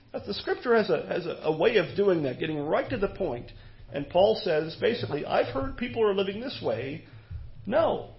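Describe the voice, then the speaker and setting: A man's voice: high voice, creaky. A man preaching an expository sermon, asking rhetorical questions and often repeating words as he goes. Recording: dull lo-fi recording.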